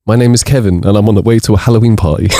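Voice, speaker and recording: In a very noisy recording, a man with a fairly low voice co-hosts a podcast. He reads jokes aloud in relaxed conversation and laughs in bursts between each one.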